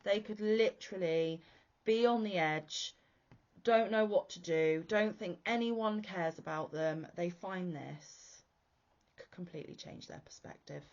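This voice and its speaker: A woman's voice: fairly low pitch, unhurried, darkish tone, highs cut off. A British woman hosting a crochet podcast, talking in a chatty, enthusiastic, rambling way. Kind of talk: casual chat.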